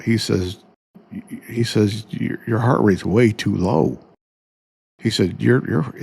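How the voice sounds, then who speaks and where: A deep-voiced, gravelly middle-aged man with a drawl, talking slowly in a husky tone. He sounds tired and sore after surgery and wanders through his story with plenty of ums and uhs. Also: darkish tone. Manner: rambling, many fillers, retells dialogue. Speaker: podcast host. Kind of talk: casual first-person storytelling.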